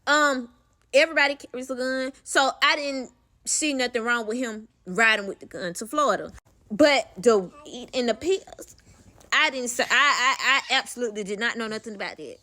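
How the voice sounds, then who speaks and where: A young adult woman telling a personal story in casual storytime style, animated and profane, talking straight to the listener. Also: on the high side, normal speed.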